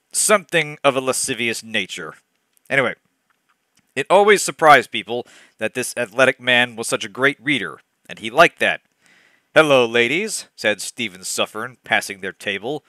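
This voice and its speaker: Reading a terrible novel aloud on stream, a young man keeps interrupting himself with exasperated, laughing asides to chat. He has a mid-range voice with a sharp tone, captured in a dry recording.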